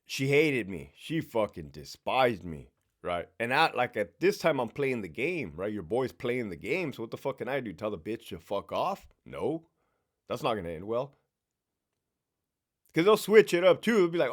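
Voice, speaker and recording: A middle-aged man spins blunt, profanity-laced stories from his prison days, and his pitch rises and falls with lively swings. His delivery is casual, direct and animated. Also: moderate pace. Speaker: former prison sergeant telling stories. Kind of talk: casual storytelling monologue.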